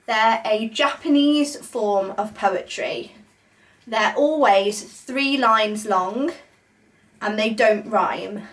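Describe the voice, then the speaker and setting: A woman's voice: fairly high pitch, fairly bright tone, recorded from a distance. A young adult woman leading a beginner poetry workshop, explaining patiently with many ums. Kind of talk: casual beginner lesson. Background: guinea pigs chewing.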